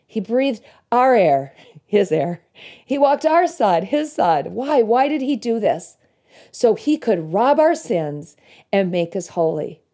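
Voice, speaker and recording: Woman, earnest devotional talk, mellow warm tone, reflective, unhurried over lyrics. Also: fairly high pitch. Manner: earnest, reflective, reads song lyrics slowly. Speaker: Christian speaker.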